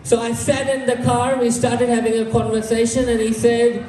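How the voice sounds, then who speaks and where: Indian comedian in an echoey hall. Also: male voice, very high-pitched, flat delivery, moderate pace, few pauses, a little mellow, recorded from a distance. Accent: Indian English. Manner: storytelling, acts out quoted voices. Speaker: stand-up comedian. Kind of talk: stand-up comedy set. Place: community hall with live audience.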